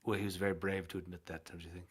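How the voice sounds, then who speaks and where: A man's voice: sits low, little pitch movement, very fast, breathy edge. A man playing a smug, self-righteous progressive character in an improvised comedy bit, mock-earnest and prone to stammering and giggling. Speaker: comic guest character.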